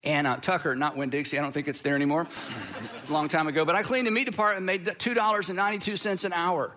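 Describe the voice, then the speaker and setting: A middle-aged pastor from Georgia, preaching in a conversational, storytelling way. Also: male voice, fairly high pitch, steady tone, fast talker, bright, forceful tone. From Georgia, USA. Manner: conversational storytelling, with repeats and restarts. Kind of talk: sermon.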